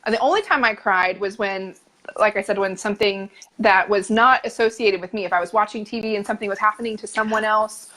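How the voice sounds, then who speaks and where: A woman's voice: mid-range voice, brisk, pushed and bright, rough recording. Earnest woman hosting a podcast. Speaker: podcast host. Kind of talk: casual conversation.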